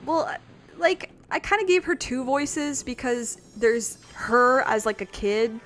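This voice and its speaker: A woman's voice: high-pitched, expressive, slow, a bit bright. A woman streaming a video game and chatting casually with viewers, rambling and self-deprecating, with lots of fillers. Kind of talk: casual gaming stream chat.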